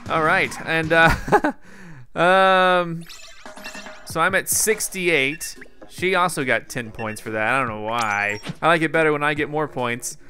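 A young man giving casual live commentary on his own gameplay, excitable and quick to break into loud frustration. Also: on the high side, faint music behind. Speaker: gaming YouTuber.

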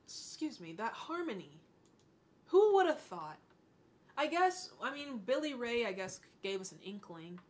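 A woman in her twenties hosting a casual music reaction, gushing and excitable, swearing when she gets worked up. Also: on the high side, moderate pace, hardly any pauses. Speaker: music reaction channel host.

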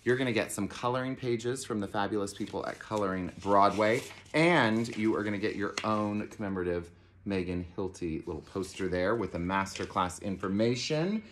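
A man's voice: fairly low pitch, normal speed, a bit bright, slight background noise. A man directing a theater camp, gushing and theatrical as he unboxes a gift box in a promotional video.

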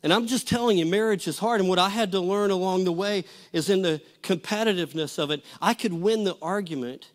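A man's voice: sits high, brisk, hardly any pauses. A middle-aged pastor preaching a sermon to a church audience, folksy and storytelling, often restarting his phrases.

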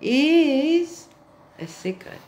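A woman's voice: sits high, big pitch swings, very slow, darkish tone, a little hiss or hum, poor audio. A woman giving a sarcastic monologue to camera, speaking with mock-earnest irony and addressing her viewers as children. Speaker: satirical vlogger.

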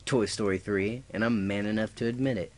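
Goofy let's player, a man with a low-ish voice, chatty play-by-play peppered with silly noises. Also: steady tone, fairly quick, darkish tone. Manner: goofy, talks to himself, makes sound effects. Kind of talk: casual gameplay commentary.

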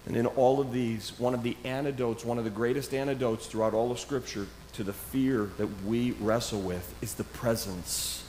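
A male pastor preaching a sermon. He reads scripture aloud with slow, emphatic stresses and breaks into casual, conversational asides. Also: mid-range voice, fairly even intonation, darkish tone, a little hiss or hum. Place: church sanctuary. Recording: echoey church room.

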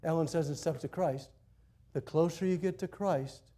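A man preaching a sermon as pastor, telling stories animatedly and swinging between loud emphasis and quiet asides. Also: a little high, normal speed. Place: church.

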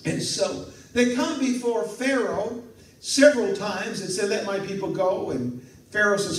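A male pastor preaching a sermon, telling a story in a lively way, acting out the dialogue and chuckling at his own asides. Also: sits high, measured pace, slight background noise. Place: church sanctuary. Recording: echoey church hall from far off.

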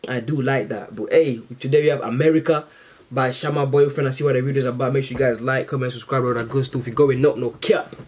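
A man hosting a reaction video, chatting casually to camera in a rambling, slangy way full of fillers, excited and grateful. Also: mid-range voice, fast talker, breathy edge.

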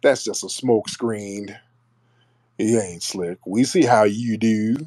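A man's voice: on the low side, takes it slowly, a little mellow, no echo. A man hosting a live call-in stream, talking in a brash, mocking way with blunt slang. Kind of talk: casual live call-in banter.

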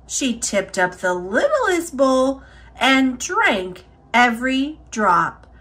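A woman whose voice sits high narrates a children's picture book, lingering over the words with lively, measured expression.

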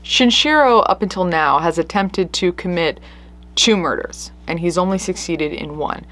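A woman's voice: fairly low pitch, moderate pace, fairly bright tone. A woman hosting a true crime show, telling a case in an earnest, conversational way with emphatic stresses. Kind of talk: casual true crime storytelling.

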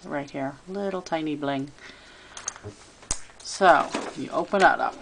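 A woman giving a chatty, relaxed show-and-tell of a handmade craft piece, filming it herself. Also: deep voice, slow, vocal fry, a little hiss or hum. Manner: chatty and relaxed, with fillers and little asides. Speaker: crafter showing her handmade album. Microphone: camera she handles while filming.

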